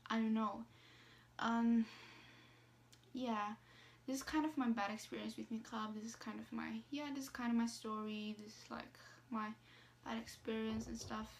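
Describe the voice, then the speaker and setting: Swedish accented girl vlogging on her phone, kinda high voice, lots of ums and likes. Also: steady tone, gravelly, slight background noise. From Sweden. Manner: halting, with many ums and likes. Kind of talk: casual storytelling to camera.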